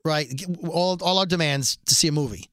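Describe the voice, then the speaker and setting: A man riffs through a TV recap in a casual studio chat, joking and acting out quotes. His voice sits a little high and sounds bright and forceful. The recording is close and dry. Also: smooth, no echo. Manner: jokey, acts out quotes in quick voices. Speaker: podcast co-host recapping a TV episode. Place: New York.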